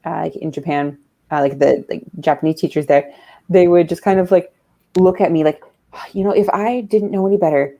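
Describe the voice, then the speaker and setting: A woman chatting casually on a stream, talking haltingly with plenty of ums and uhs. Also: lowish voice, fairly even intonation, dark tone. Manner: halting, many fillers. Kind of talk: casual chat.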